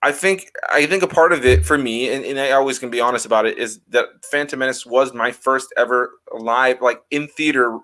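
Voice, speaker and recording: A young man in casual chat, telling stories with lively acted-out reactions from friends. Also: mid-range voice, brisk, hardly any pauses. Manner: animated storyteller, acts out quoted reactions. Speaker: guest.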